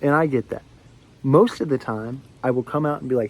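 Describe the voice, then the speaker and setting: Talking fairly quickly at medium pitch, a young vlogger in his twenties delivers a rambling rant to camera. His tone is a little mellow, and he fills the monologue with fillers and restarted sentences.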